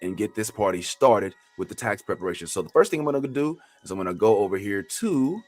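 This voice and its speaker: Animated male tax trainer. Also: on the low side, fast talker, no echo, faint music behind. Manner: animated, joking, preacher-like outbursts. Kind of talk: classroom training.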